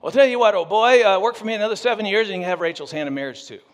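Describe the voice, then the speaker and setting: A man's voice: high voice, very fast, pitched above the performer's own voice, close to an everyday voice. A man voicing a smug, arrogant older uncle with a British accent.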